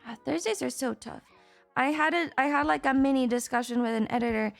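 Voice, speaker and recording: A woman's voice: sits high, a little fast, creaky, no echo, soft background music. A woman streamer in casual chat, rambling and swearing freely as she talks to her viewers.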